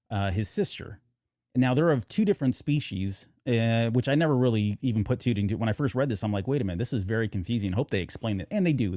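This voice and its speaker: A man's voice: medium pitch, a little mellow, no room sound. Rambling male podcast co-host, dry close mic. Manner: rambling, many fillers and restarts. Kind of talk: casual chat.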